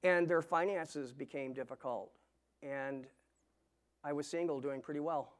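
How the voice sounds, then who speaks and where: A man's voice: a little high, unhurried. A middle-aged man giving a personal testimony in a church sermon, telling his story earnestly, often stumbling and restarting his words. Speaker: guest preacher giving testimony. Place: church sanctuary.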